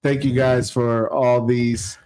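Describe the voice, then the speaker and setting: A man's voice: medium pitch, flat delivery, slow pace, darkish tone. Frank, affirming man co-host. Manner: affirming, backs up his partner, frank and joking. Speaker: podcast co-host. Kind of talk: casual podcast chat.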